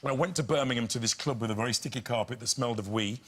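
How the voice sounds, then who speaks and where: A man's voice: medium pitch, rapid-fire, heavy background noise. A man, telling anecdotes on a chat show and slipping into voices. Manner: animated storyteller, slips into voices and impressions. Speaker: guest. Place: TV studio with audience.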